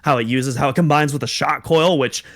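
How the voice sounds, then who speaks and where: A man's voice: mid-range voice, brisk. A young man co-hosting a casual podcast, talking in an easygoing, joking way and often hedging his points. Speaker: podcast co-host.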